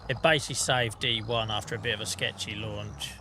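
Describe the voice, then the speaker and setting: Bright-voiced man rambling on stream. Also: lowish voice, steady tone, fairly quick, slight background noise. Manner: rambling, self-deprecating, swears casually. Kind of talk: casual gaming stream chat.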